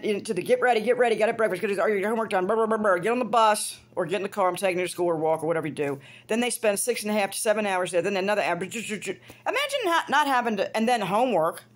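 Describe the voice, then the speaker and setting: A middle-aged woman holding forth in a loose, rambling monologue. She is blunt and swears freely, jumping from one thought to the next in a casual, unscripted way. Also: fairly low pitch. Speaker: hairdresser and vlogger.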